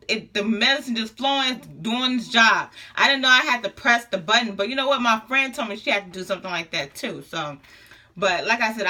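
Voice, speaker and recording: Bright-voiced woman telling a story, laughing. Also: a little high. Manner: animated, laughing, slangy casual talk. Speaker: vlogger. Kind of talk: casual storytelling to camera.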